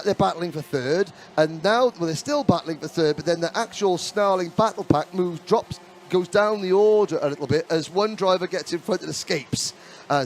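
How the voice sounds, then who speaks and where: A man giving live kart race commentary, chatty and excitable, breaking into rapid bursts as the action heats up. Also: a little high, slight background noise.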